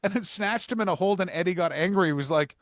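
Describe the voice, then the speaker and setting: A man co-hosting a podcast, telling stories in an animated, ranting way full of swearing. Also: high voice, fast talker, no room sound, studio quality. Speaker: podcast co-host. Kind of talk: casual comedic chat.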